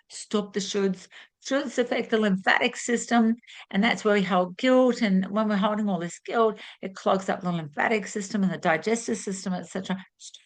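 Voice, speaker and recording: A woman speaks straight to camera as a spiritual teacher, earnest and direct. She presses on key words and circles back with rhetorical questions. Her pitch sits in a middle range. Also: normal speed.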